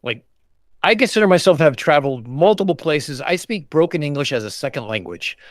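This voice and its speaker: An American man from the West Coast, with a touch of Boston, hosting a casual chat over a video call in a relaxed, rambling way with plenty of fillers. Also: a little high, brisk, no room sound. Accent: General American, some Boston. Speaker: host.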